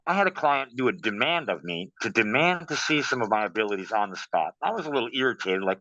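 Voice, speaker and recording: A man talking casually in an interview, telling stories in a lively way and saying "man" and "bro" a lot. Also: mid-range voice, fast, no room sound. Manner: animated storytelling, says "man" and "bro". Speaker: guest practitioner. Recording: dull, dry sound.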